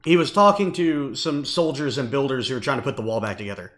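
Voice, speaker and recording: A man's voice: mid-range voice, quick pace, fairly bright tone. A man narrating a tabletop game as game master in an easygoing, hesitant way.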